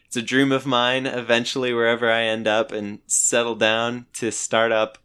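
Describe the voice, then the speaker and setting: A young man telling stories in a casual chat, animated and laughing often. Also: medium pitch, moderate pace, smooth. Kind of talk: casual storytelling.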